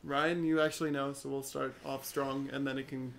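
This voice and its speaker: A man's voice: medium pitch, little pitch movement, moderate pace, gravelly, fairly bright tone. A young man in his late teens chatting playfully on a livestream. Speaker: co-host. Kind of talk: casual chat.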